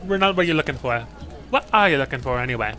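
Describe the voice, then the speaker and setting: A man voicing a very tall woman shipwright who talks in a rough, brisk dockside way. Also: medium pitch, animated, bright, forceful tone. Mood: matter-of-fact. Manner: rough dockside speech, "oi", "laddie boy".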